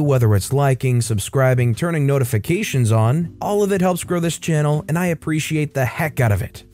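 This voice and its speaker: A man hosting a storytelling channel, reading online stories aloud and adding relaxed, conversational asides. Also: on the high side.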